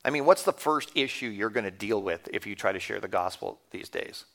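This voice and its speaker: A man's voice: on the low side, animated, brisk, a bit bright. Conversational Canadian man in his fifties preaching. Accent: Canadian English. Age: 50s. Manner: conversational, asks the audience questions. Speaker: guest speaker. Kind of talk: sermon.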